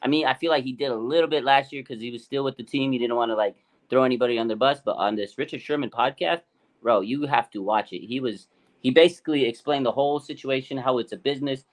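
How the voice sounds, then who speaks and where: A man co-hosting a sports talk show, chatting excitedly and acting out quotes with big swings in his voice. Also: medium pitch, fast talker. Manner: animated, hyped, acts out quotes. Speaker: podcast co-host. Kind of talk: excited casual sports chat.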